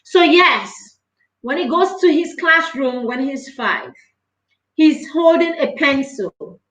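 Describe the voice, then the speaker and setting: A woman's voice: high voice, lively intonation, slow, fairly bright tone. A woman, a parenting coach giving an earnest, emphatic live talk and repeating phrases for stress. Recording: echoey room.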